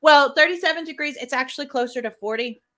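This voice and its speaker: A woman's voice: high-pitched, quick pace, bright, forceful tone. A woman co-hosting a casual chat show, laughing often as she talks. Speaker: co-host. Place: lives in Ireland.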